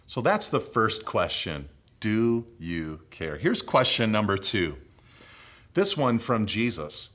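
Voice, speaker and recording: A man's voice: big pitch swings, slow. Earnest man preaching a sermon. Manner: earnest preaching, swinging between raised emphatic phrases and low hushed endings.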